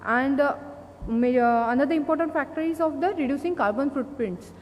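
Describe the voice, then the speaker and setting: Indian woman, high pitch, halting conference presenter, reverberant hall with faint hiss. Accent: Indian English. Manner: halting, many fillers and restarts. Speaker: company speaker at an industry event.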